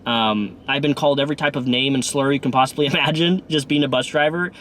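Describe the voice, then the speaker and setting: A man's voice: mid-range voice, fast talker, a bit bright, a little hiss or hum. A man in his thirties talking casually to camera in a rambling vlog, with many restarts and fillers. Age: 30s. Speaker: YouTuber and bus driver.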